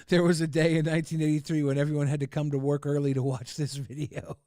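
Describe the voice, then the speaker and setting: This male streamer's fairly high voice is animated and a little mellow, moving at a moderate pace with long pauses. He reacts to videos in crude, profane chatter, frequently laughing and doing silly voices, recorded in clean studio quality without echo.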